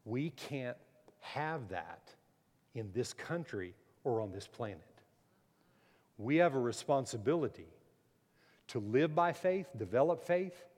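A pastor preaching a sermon, swinging from loud emphatic peaks down to low, quiet stretches. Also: male voice, breathy edge, big-room sound.

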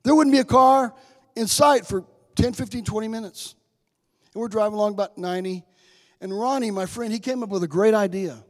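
A man in his sixties, a guest speaker giving a testimony sermon in a church, telling a story that builds to loud, slow preaching. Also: high voice. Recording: long reverb in a church hall.

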